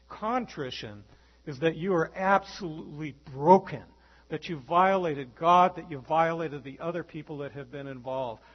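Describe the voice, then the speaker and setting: A man preaching a sermon as pastor, animated, acting out the voices in his stories. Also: a little high, husky, lo-fi sound.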